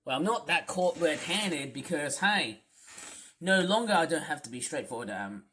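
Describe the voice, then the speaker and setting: A gaming video host rambles through his commentary in a medium-pitched, expressive voice. He halts often, filling gaps with fillers and restarts, and his phrases fade off quietly at the ends.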